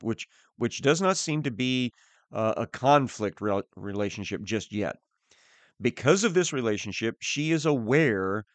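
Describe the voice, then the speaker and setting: A man preaching a sermon, teaching slowly and deliberately with pauses. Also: mid-range voice, clear, resonant tone, dry recording.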